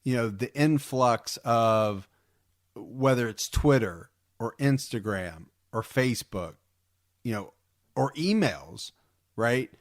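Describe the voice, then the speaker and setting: A man's voice: mid-range voice, lively intonation, slow, dry recording, studio quality. A man co-hosting a podcast in casual chat, rambling and repeating words with enthusiasm. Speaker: podcast co-host.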